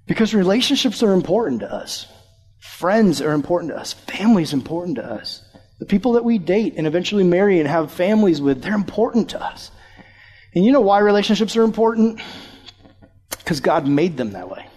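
Young male youth pastor, lively storytelling sermon voice, a touch higher-pitched. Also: a little fast, breathy edge. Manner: animated, acts out voices from his story.

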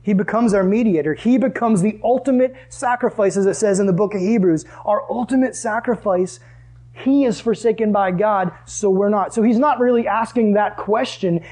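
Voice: mid-range voice, mellow, slightly rough. A Bible teacher leading a lesson for a group. They talk in a casual, conversational way and ask the listeners questions.

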